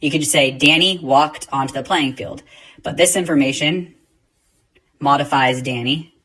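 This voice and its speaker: Deliberate male writing teacher. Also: a little high, bright, forceful tone, rough recording. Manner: deliberate, rereads example sentences slowly for emphasis. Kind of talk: classroom grammar explanation.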